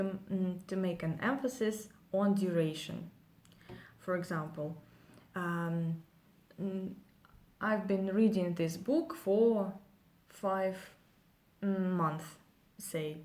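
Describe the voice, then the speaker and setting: A woman teaching an English grammar lesson, whose first language is Russian, explaining with frequent pauses and ums. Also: medium pitch, a little mellow. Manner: slow, hesitant, many ums while explaining.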